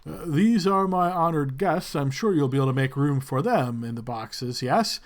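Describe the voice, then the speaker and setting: A genial young lord, speaking with measured courtesy to his guests, as a man puts him on. The voice is close to the game master's own, a little high, in a tabletop game. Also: lively intonation, close to an everyday voice. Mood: courteous.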